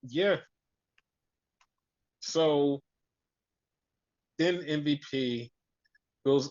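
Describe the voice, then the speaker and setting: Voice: mid-range voice, drawn-out words, pauses often, dull audio. A podcast co-host in casual chat recapping wrestling, swearing freely and acting out what people said. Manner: animated, swears freely, acts out quotes.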